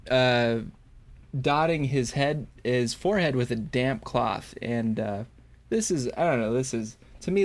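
A man co-hosting a fan podcast, recapping an episode in a rambling, joking way. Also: medium pitch. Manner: rambling, crude jokes, halting restarts. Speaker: podcast co-host. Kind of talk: casual chat, episode recap.

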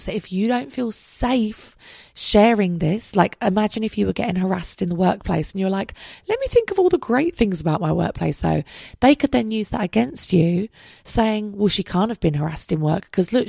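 A young woman talks through her solo podcast in a gravelly, fry-laced voice that sounds tired and worn from a late night. She is chatty and candid, and she swears freely. The recording is close and dry, with no room sound. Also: medium pitch, warm tone, dry recording. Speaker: podcast host. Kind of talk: casual solo podcast monologue.

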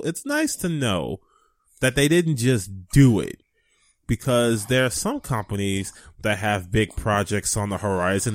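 A man's voice: on the low side, dry recording. A man co-hosting a casual gaming podcast with dry, sarcastic humor. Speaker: podcast co-host.

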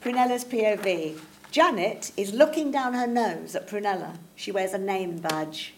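A woman's voice: medium pitch, animated, normal speed, slight background noise. A woman reading a script's stage directions in a plain, matter-of-fact way. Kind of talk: script read-through.

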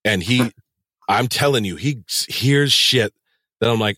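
Crude podcast host guy cracking jokes, deep-ish voice, dead dry sound. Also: normal speed, dry recording. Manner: profane, laughs often, animated. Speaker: podcast host and audiobook narrator. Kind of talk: crude casual chat.

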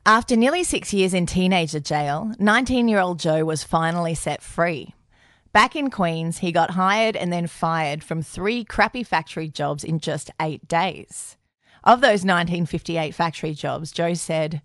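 Brief: female co-host, lowish voice, matter-of-fact true-crime narration. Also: measured pace, fairly bright tone, dry recording, clean studio sound. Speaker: podcast co-host.

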